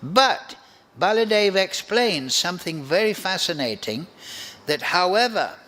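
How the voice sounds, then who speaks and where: A man giving a devotional scripture class, speaking in a slow, deliberate and reflective way. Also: high-pitched, very animated, sharp tone, slight background noise. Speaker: spiritual teacher.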